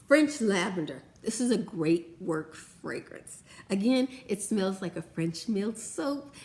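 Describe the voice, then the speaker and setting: Woman, vlogger, casual product review, gushing, talkative, swoops up in pitch when excited. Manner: chatty and gushing, lively swings in pitch. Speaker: beauty vlogger.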